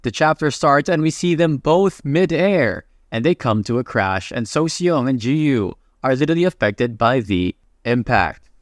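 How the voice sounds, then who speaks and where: A man narrating a comic recap in a casual, jokey play-by-play with quick asides. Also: mid-range voice, lively intonation, no room sound, clean studio sound.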